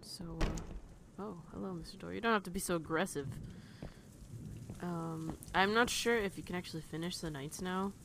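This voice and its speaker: A woman's voice: lowish voice, moderate pace. A young woman talks through a horror game she is playing, her voice jittery and full of nervous laughter. She swears when something startles her. A faint hiss runs under the recording. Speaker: let's play gamer.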